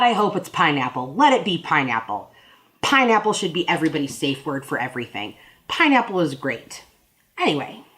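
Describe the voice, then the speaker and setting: A woman's voice: sits low, fairly bright tone. A woman in her thirties giving casual advice in a rambling, self-deprecating, goofy way. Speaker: vlogger.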